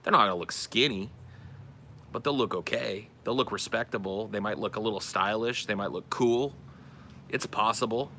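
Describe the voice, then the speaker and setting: Male podcast host, casual chat, self-deprecating, low and forceful. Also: normal speed, a little hiss or hum. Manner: candid, self-deprecating, rambling.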